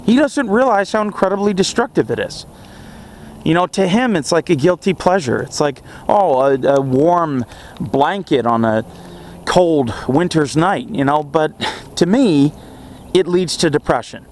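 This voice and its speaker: High-voiced young man giving earnest advice. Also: a little slow, slight background noise. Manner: earnest and animated, with frequent chuckles. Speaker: vlogger. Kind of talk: casual self-help monologue.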